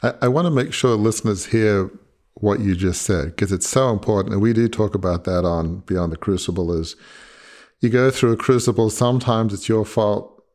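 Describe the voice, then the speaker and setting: A man with a lowish, slightly mellow voice hosts a podcast interview at a normal pace. He speaks earnestly and emphatically, circling back to repeat his main points in this conversational exchange.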